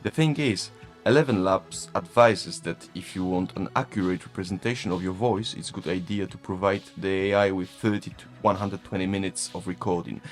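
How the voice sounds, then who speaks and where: Chuckling Polish man, low voice. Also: a little fast. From Poland. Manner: chuckling, self-mocking. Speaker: tech vlogger. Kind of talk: casual chat. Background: faint background music.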